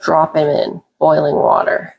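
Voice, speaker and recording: A woman's voice: low-pitched, completely flat delivery, unhurried, gravelly, breathy edge, lo-fi sound. A woman hosting a casual cooking video, chatting and laughing as she walks through each step. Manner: chatty, giggly, explains steps as she goes. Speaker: cooking vlog host.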